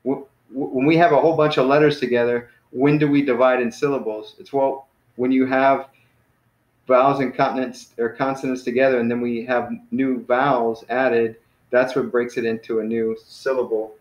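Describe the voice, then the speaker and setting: A man teaching a casual online beginner class, relaxed and friendly, often saying "man" and "you know.". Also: medium pitch, moderate pace, echoey room, highs cut off.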